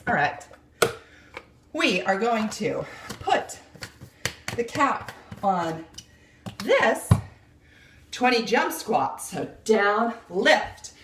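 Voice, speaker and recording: A woman fitness instructor coaching a quick kitchen workout, counting reps and out of breath. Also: a little high, noisy background. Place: home kitchen. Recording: echoey room, voice from a distance. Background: kitchen clicks, blender.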